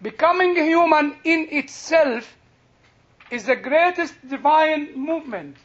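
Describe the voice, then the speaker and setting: An older man with a husky voice, teaching a class on Christian faith in a slow, deliberate, emphatic way. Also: very high voice, fairly bright tone, dull audio. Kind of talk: lecture to a class.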